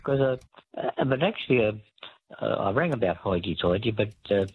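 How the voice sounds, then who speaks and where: A man rings in to a radio show over a tinny phone line. His voice is very low and deeply raspy, and he rambles slowly through his explanations with many "uh"s. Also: lively intonation, no echo. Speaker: caller.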